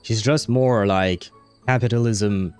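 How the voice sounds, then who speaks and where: A man's voice: on the low side, slow, darkish tone, clear, resonant tone, faint music behind. A French-speaking man chatting casually as he streams a game, rambling with lots of fillers. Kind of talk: casual gameplay commentary.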